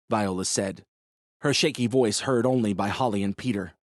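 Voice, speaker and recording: A man narrating an audiobook in a measured, dramatic storytelling manner. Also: fairly low pitch, no echo, clean studio sound. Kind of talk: scripted narration.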